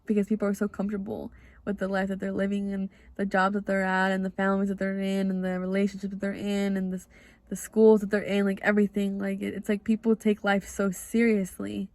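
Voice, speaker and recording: A woman's voice: medium pitch, darkish tone, no echo. A young woman hosting her own podcast, telling a personal story in a confessional, casual way and often acting out her own past words. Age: young adult. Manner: chatty and confessional, heavy use of "like". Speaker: podcast host.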